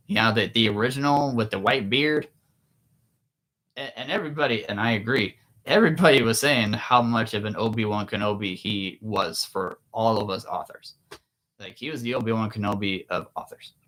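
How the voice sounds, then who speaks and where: A man, an author, telling a story in a casual, animated way with laughs. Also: lowish voice, moderate pace. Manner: animated, with many restarts and laughs. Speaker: author and vlogger.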